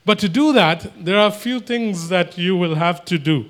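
Male preacher, voice on the higher side, emphatic, sermon delivery. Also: normal speed, a bit bright. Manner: emphatic, repetitive, voices imagined exchanges.

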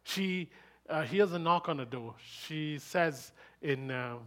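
A man preaches to a live congregation in a voice that sits a little high for a man. He tells stories with lively humour and laughs often. He repeats his key lines for emphasis. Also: takes it slowly. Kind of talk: sermon with personal anecdote.

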